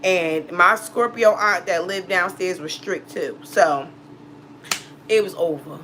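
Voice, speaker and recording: Speaking slowly in a fairly low, bright, and forceful voice, a tarot reader tells a personal story in a casual vlog. She curses a lot, stresses her points emphatically, and laughs often, while a little hiss or hum runs underneath.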